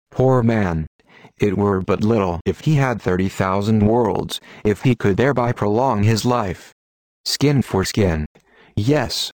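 Solemn low-voiced man preaching. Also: no echo. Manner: solemn, declamatory. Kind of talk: Victorian sermon reading.

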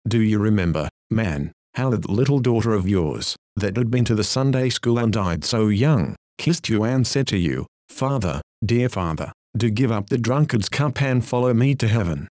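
Ask: low-voiced man pleading in a sermon. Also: animated, normal speed, hardly any pauses, darkish tone, no room sound, studio quality. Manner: earnest, pleading. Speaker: preacher. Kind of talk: reading a sermon aloud.

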